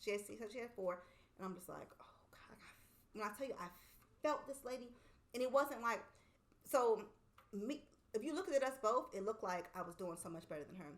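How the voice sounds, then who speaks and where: A woman's voice: on the high side, brisk. A woman co-hosting a casual podcast, telling a story with lots of swearing and acted-out quotes. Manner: animated storytelling, swearing freely, acting out quotes. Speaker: podcast co-host. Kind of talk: casual chat.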